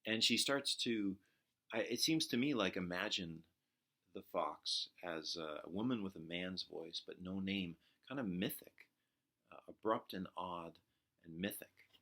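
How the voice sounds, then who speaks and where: Low, bright-toned reflective male lecturer. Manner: reflective, halting with frequent fillers. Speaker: literature teacher. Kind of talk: poetry lecture.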